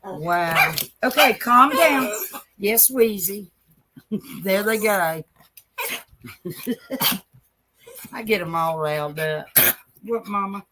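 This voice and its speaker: A woman chats on a home livestream in a slow, unhurried drawl. Her talk is folksy and affectionate, full of fond words for her viewers and her dogs, and dogs can be heard around her. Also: fairly low pitch, fairly bright tone, slight background noise. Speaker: livestream host. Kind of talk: casual livestream chat.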